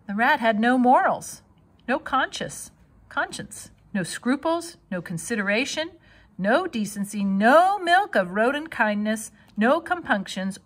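A woman reading a children's novel aloud with expressive storytelling. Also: fairly high pitch. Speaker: reader.

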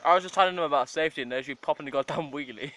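A young man vlogging casually, swearing freely and laughing often as he gives an excited running commentary outdoors. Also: on the high side, racing, a little hiss or hum. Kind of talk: casual profane vlog chatter. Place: outdoors behind a house.

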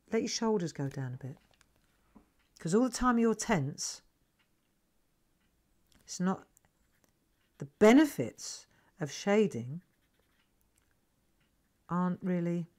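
A middle-aged woman hosting a live craft lesson, chatting gently and coaxing viewers to relax as she demonstrates. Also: on the low side, animated, takes it slowly, pauses often.

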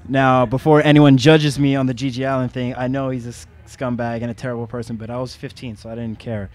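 A man's voice: medium pitch, little pitch movement, fast, a little mellow, dry recording. A young man talking bluntly and cheekily about records, swearing freely. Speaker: shop visitor sharing records. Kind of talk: casual chat. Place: record shop in a venue.

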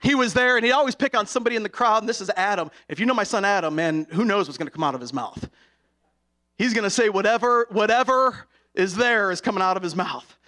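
A middle-aged man preaching an impassioned sermon, going from hushed to shouting. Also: sits high, fast talker. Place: college chapel.

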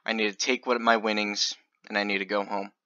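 A man commentating his online gambling in a casual video, stammering and swinging between loud excitement and quiet muttering. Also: on the low side, fairly quick, no room sound, lo-fi sound. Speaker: gaming video creator.

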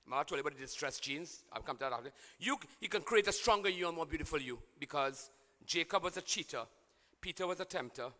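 High-voiced priest preaching in echoing church. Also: male voice, expressive, quick pace. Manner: call-and-response preaching, swings from quiet to shouting. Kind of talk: sermon.

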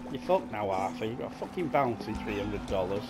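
A man's voice: lowish voice, animated, a little fast, music in the background. A man giving crude, swearing, mocking commentary while playing a game. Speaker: gaming streamer. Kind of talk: gameplay commentary.

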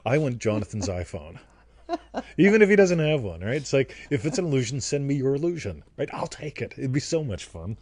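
A man's voice: mid-range voice, big pitch swings, brisk, darkish tone, husky, no echo. A man co-hosting and teaching in a playful, joking and crude way, who keeps asking "right?". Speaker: co-host and teacher. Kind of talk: casual teaching chat on a livestream.

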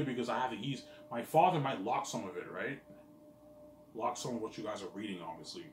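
A man's voice: fairly low pitch, a little fast, echoey room, far from the mic, slight background noise. A man talking casually to his viewers in a rambling, boastful, profane monologue. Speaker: vlogger.

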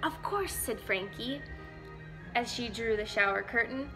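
Slow, gentle woman reading to children. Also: on the high side, over music. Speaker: volunteer story reader. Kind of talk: children's story read-aloud.

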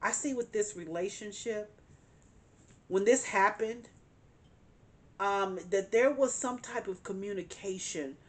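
Woman, tarot reader, emphatic, repeats herself, speaks straight to the listener, mid-pitched voice. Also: slow pace, pauses often. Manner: emphatic, repeats phrases, addresses the listener directly. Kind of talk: tarot reading monologue.

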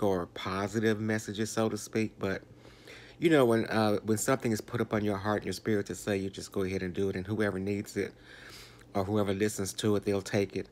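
Older Southern man in a slow reflective talk. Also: fairly low pitch, slight background noise. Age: 60s. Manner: slow, rambling, with fillers and restarts. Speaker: vlogger.

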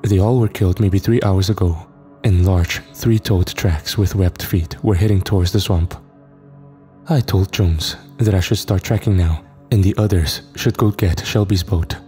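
A man with a very low, dark voice narrates a first-person horror story. He keeps a steady, measured pace, with faint music playing underneath.

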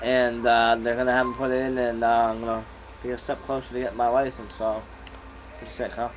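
A man's voice: mid-range voice, level tone, fairly quick, rough recording. Young guy rambling on his home vlog, chewing gum, camera mic, a little room hiss. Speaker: vlogger. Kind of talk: casual vlog chat. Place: bedroom at home.

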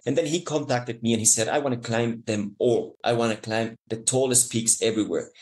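A man's voice: medium pitch, fairly quick, low-quality recording. Ecuadorian man telling a mountain story. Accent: Ecuadorian Spanish. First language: Spanish. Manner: warm, emotional, frequent restarts and laughs. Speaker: mountain guide, guest. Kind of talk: storytelling interview answer.

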